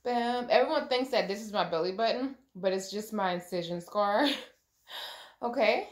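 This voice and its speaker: A woman's voice: medium pitch, moderate pace. Chatty young woman in an echoey room. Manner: chatty, gushing, many ums and likes. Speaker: vlogger. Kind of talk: casual pregnancy update vlog.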